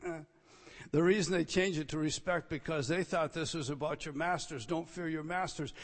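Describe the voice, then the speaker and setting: A man preaching an expository sermon, emphatic, moving between loud declarations and quiet asides. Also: fairly high pitch, steady tone, moderate pace, big-room sound.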